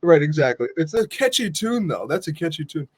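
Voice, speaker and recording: A man's voice: on the high side, sing-song, a little fast, breathy edge. A man in his twenties, a podcast guest, chatting casually in an easygoing, modest way. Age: 20s. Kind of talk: casual chat.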